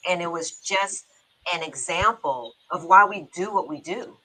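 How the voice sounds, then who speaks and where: A middle-aged woman hosting a talk show, telling a personal story in a chatty, quick-bursting way with laughs in her speech. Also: fairly low pitch, pushed and bright, breathy edge, poor audio. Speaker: show host. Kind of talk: casual heartfelt talk-show chat.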